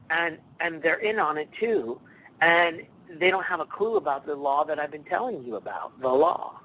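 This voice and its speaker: A man talking casually as a guest, telling stories with lively swings and acting out the people he quotes. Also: a little high, normal speed, slight background noise, rough recording. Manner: animated storytelling, acts out quoted people. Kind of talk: casual talk show chat.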